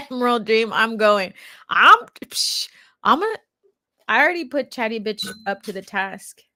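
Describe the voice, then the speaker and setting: A woman's voice: fairly high pitch, bright, forceful tone, no echo. A young adult woman hosting a casual livestream, chatting with viewers and laughing often. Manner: chatty with lots of fillers. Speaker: livestream host. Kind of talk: casual live chat with viewers.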